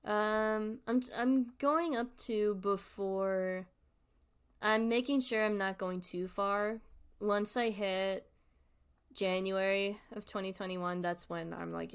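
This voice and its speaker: A woman's voice: medium pitch, steady tone, slow, clear, resonant tone. A woman streaming casual commentary, giggly and rambling, often correcting herself. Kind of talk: casual commentary on a web series.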